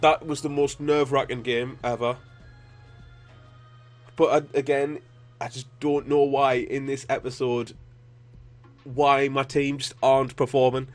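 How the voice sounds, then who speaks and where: A man narrating his own football video game as he plays, grumbling and cursing at his team and then bursting out when something goes right. His voice sits at an ordinary middle pitch, with faint music playing underneath. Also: a little slow, long pauses. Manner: frustrated, sweary, bursts of excitement. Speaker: gaming YouTuber. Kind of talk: live game commentary.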